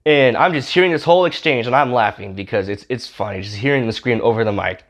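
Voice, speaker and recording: A man telling his personal testimony as an animated story, acting out the people in it. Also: medium pitch, quick pace. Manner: animated storyteller, acts out the other gamer in a raised voice. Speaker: testimony speaker.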